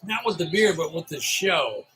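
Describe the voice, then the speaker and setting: Rambling, slightly tipsy man, bright voice. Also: fairly high pitch, expressive, moderate pace, slight background noise, low-quality recording. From upstate New York. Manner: rambling, chatty, loose. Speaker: live stream host. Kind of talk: rambling solo live stream chat.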